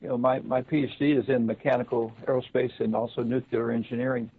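A man speaking as a guest on a broadcast discussion, halting and full of fillers and restarts, with a gravelly, husky voice. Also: mid-range voice, little pitch movement. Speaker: guest commentator. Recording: slightly dull, lo-fi sound.

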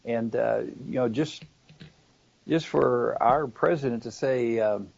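A man speaking as a guest on a broadcast discussion, halting and full of fillers and restarts, with a gravelly, husky voice. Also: mid-range voice, a little mellow. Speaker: guest commentator. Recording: slightly dull, lo-fi sound.

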